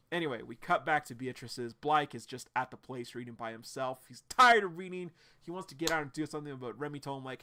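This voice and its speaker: A man's voice: mid-range voice, brisk, hardly any pauses. Rambling man live-reacting to a webcomic. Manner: rambling, filler-heavy, excitable outbursts. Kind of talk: casual live reaction and recap.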